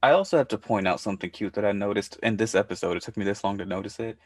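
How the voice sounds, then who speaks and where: A man's voice: lowish voice, rapid-fire, no room sound, clean studio sound. A man co-hosting a podcast, chatting loosely and jokingly and swearing freely. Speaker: podcast co-host. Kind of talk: casual chat.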